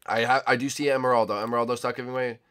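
A man's voice: mid-range voice, racing, soft background music. A young man with a sore throat giving playful, jokey commentary on a hide-and-seek game with friends. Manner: excitable, jokey, shouts and laughs. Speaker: gaming YouTuber.

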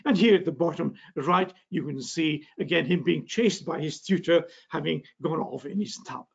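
A man's voice: a little high, moderate pace, vocal fry, slightly rough, muffled recording. An older man with a northeast Scottish accent giving a public science lecture, genial, with frequent fillers and restarts. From Scotland. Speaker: physics lecturer.

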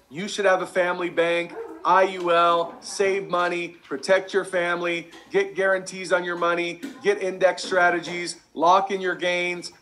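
A man giving an energetic sales training talk over slides, emphatic and repeating his key lines. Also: high-pitched, slight background noise.

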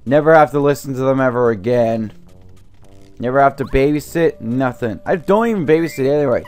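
A young man commenting on a video game as he plays, ranting angrily about his family and swearing, his throat sore from yelling. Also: medium pitch, brisk. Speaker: let's play host. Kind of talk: gameplay commentary.

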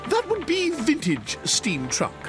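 A man narrating a children's TV story, doing gruff character voices for the lines. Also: very high voice, huge pitch swings, slow pace, over music, heavily acted.

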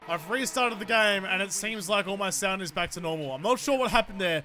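Playing a football video game, an Australian man with a very high, sharp, bright voice gives loose live commentary, ranting and swearing freely at the game and his teammates. He's animated and fairly quick, with hardly any pauses.

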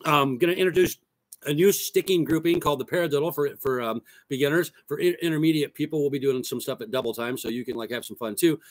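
A man's voice: fairly high pitch, fast talker, no room sound. A man teaching a casual drum lesson, explaining parts in a loose, plain way and counting rhythms aloud.

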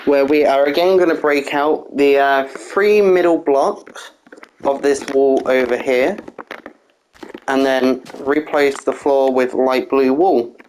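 A casual walkthrough narrator at a middle pitch, calmly explaining a block-by-block build. The voice counts pieces aloud and patiently fixes its own slips. A faint hiss sits under the recording. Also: takes it slowly, poor audio. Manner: methodical step-by-step instructions, counting blocks aloud, frequent "uh"; apologetic, corrects own slips.

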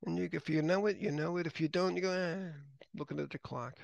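A man's voice: fairly high pitch, steady tone, fast, creaky, no echo. A man teaching an exam prep class in a chatty, anecdotal lecture style, often laughing.

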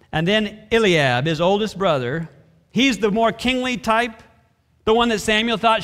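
A man's voice: sits high, normal speed. A man preaching a sermon as a pastor, reading scripture and briefly acting out the characters. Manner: expressive preaching, acts out brief voices of biblical characters. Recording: reverberant hall.

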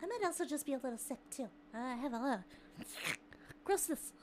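A young woman streaming live, chatting with her viewers casually, excitable, laughing often and swearing freely. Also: high voice, a little fast, slight background noise. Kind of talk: casual chat with a live chat audience.

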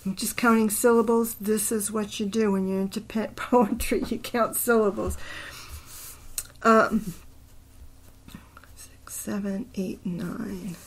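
A woman hosting a casual poetry talk, thinking aloud, unhurried with fillers. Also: medium pitch, level tone. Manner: thinking aloud, murmuring syllable counts under her breath. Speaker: poetry channel host. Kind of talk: casual talk about poems, reading aloud.

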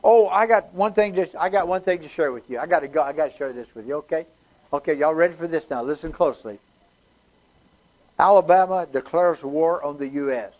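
A man's voice: a little high, fast talker, a little mellow, low-quality recording. Folksy man teaching a class. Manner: folksy, chatty, many restarts and fillers. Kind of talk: casual community class talk.

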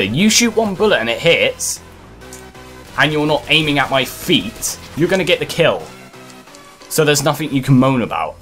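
A man talks through his gameplay with a swinging, animated pitch that jumps up and down, cursing often as things go wrong. His voice sits at a middle pitch. Faint music plays behind him. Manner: frustrated, swearing a lot. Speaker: gaming commentator. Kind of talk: live gameplay commentary.

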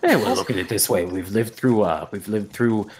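A man's voice: fairly low pitch, normal speed, a little mellow, slight background noise. A man playing a tabletop character, upbeat and reassuring. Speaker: player.

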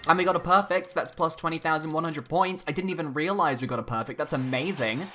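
A young man giving animated let's-play commentary, exclaiming and swinging between excitement and exasperation. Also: fairly high pitch, fast. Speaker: gaming YouTuber. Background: game music.

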